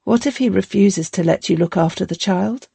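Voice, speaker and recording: A woman's voice: medium pitch, moderate pace, gravelly, dark tone, slightly rough, no echo, voice pushed up, full character voice. Woman narrator doing a young ex-slave woman, earnest and stubborn, dry audiobook sound. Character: young woman, former slave, determined and loving.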